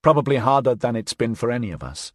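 A man voicing an earnest, determined woman who pleads softly and persuasively, in an audiobook. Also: mid-range voice, very animated, fast, no echo, clean studio sound. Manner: earnest, persuasive, soft-spoken.

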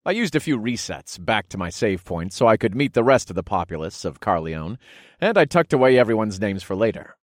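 A man's voice: fairly low pitch, brisk, dry recording, clean studio sound. A man narrating a first-person fantasy story and voicing its characters. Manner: expressive, commanding in dialogue.

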